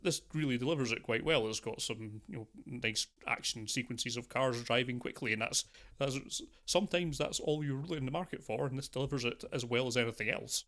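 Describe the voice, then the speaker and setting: A man's voice: mid-range voice, fairly quick, hardly any pauses, fairly bright tone. Laid back guy rambling about a film, a bit sardonic. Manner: easygoing, mildly sardonic, rambling. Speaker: film podcast co-host. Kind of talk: casual film discussion.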